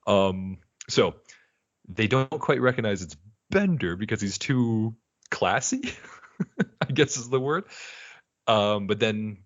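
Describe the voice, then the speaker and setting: A man's voice: on the low side, slow pace, long pauses, no room sound, highs cut off. A man co-hosting a podcast, rambling through a casual episode recap and slipping into character quotes. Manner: rambling, animated retelling with put-on character quotes. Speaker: podcast co-host.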